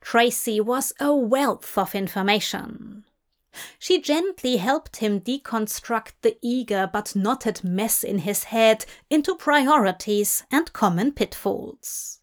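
A woman reading a story aloud in an unhurried, even narration. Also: on the high side. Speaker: fanfiction reader. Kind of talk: audiobook narration.

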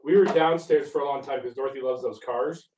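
A man co-hosting a casual chat, telling stories in an animated way with many "like" fillers. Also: mid-range voice, fairly quick, far from the mic. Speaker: podcast co-host. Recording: echoey room, voice off-mic.

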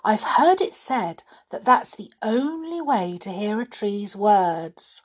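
A woman voicing a small, worried male red squirrel in a children's storybook, with a breathy voice. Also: mid-range voice, big pitch swings, slow pace, voice pushed up. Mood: hopeful.

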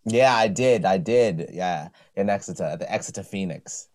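A man's voice: low-pitched, normal speed, darkish tone. Easygoing man chatting as a guest. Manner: easygoing, laughs readily. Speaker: podcast guest, comedian. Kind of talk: casual comedy podcast chat.

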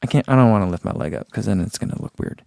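A man's voice: on the low side, very fast, vocal fry, a little mellow, no echo, studio quality. A man reviewing running gear in a casual live chat, musing aloud with fillers and reading out viewer comments.

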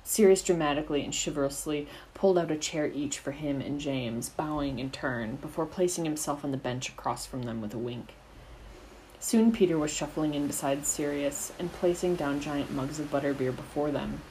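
A woman's voice: sits low, normal speed, warm tone, a little hiss or hum, low-quality recording. A woman reading a fan fiction story aloud as the narrator. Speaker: narrator, audiobook reader.

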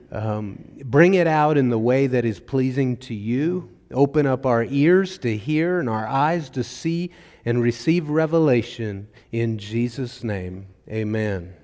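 Slow-spoken pastor praying in a church hall. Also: male voice, medium pitch, darkish tone. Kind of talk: church service prayer. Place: church sanctuary.

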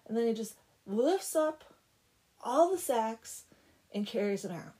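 A woman's voice: a little high, animated, a little slow, warm tone. A young woman casually retelling a folk tale with chatty, sarcastic asides. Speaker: storyteller. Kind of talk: casual comic story retelling.

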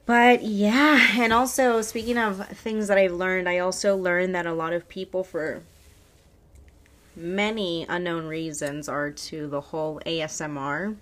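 A woman's voice: lowish voice, steady tone, a little slow, a bit bright. A woman hosting a podcast in loose, rambling casual chat, swearing freely, on a foam-covered mic. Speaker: podcast host. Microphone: podcast microphone with foam cover.

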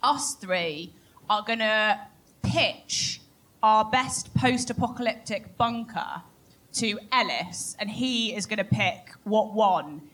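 A British woman hosting a comedic live podcast, telling stories in an animated, laughing way. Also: medium pitch, slow pace. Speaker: podcast host. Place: live podcast stage before an audience.

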